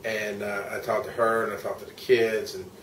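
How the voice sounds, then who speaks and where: This American vlogger and podcaster, tired and middle-aged, talks through his day in a candid, meandering travel vlog and swears out of frustration. His lowish voice is flat, fairly bright in tone, and moderately paced. The distant mic catches a little hiss or hum, roomy echo, and faint ambience.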